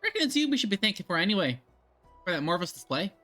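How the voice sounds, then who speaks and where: Streamer voicing a gruff, hearty older barkeep with a mock drawl and bright, swinging delivery. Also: mid-range voice, sing-song, rapid-fire, faint music behind, voice pushed up. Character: gruff older male tavern keeper. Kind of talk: reading game dialogue aloud.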